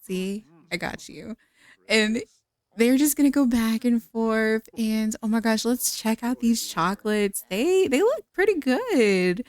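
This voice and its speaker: A woman's voice: a little high, animated, measured pace, a little mellow, dry recording. A young woman giving chatty, giggly let's-play commentary on a life-simulation game. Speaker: gaming content creator.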